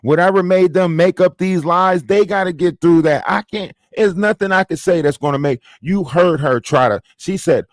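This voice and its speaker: A man's voice: high voice, moderate pace, few pauses, dry recording, clean studio sound. Emphatic man ranting on a live stream. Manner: emphatic, repeats points, tags questions with "right?". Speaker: livestream host. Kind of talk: heated live-stream rant.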